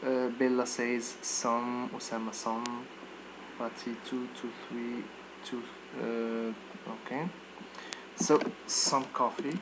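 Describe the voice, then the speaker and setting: A man's voice: medium pitch, flat delivery, takes it slowly, background noise. A man teaching a live online English lesson, checking students' answers by name and modeling pronunciation.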